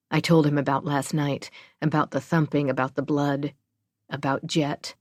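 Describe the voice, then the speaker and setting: Low-voiced woman narrator, gravelly, close dry sound, first-person thriller reading. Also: level tone, moderate pace, darkish tone, dry recording. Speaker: audiobook narrator.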